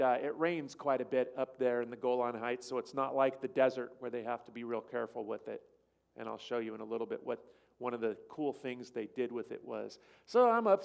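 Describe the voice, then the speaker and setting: This church speaker has a slightly high voice with vocal fry. He shares a travel story over slides to a church gathering, wandering from point to point and acting out the dialogue of people he quotes.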